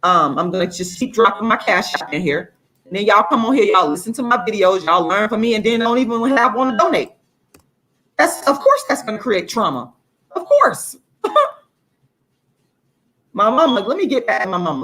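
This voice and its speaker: A woman's voice: mid-range voice, animated, brisk, a bit bright. A woman author and activist, angry and outraged, swearing a lot and repeating her points for emphasis as she rants to viewers on a livestream. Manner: angry, profane and emphatic, repeating lines for force.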